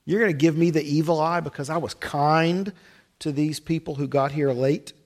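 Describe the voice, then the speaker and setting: A man's voice: on the high side, steady tone, normal speed. A man, a pastor giving a conversational sermon with wry asides.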